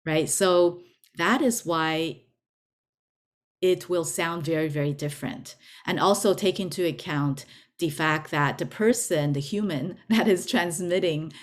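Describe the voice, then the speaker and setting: A woman giving an informal spiritual lesson, talking deliberately and repeating words for emphasis. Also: fairly low pitch. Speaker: spiritual teacher. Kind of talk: informal teaching talk.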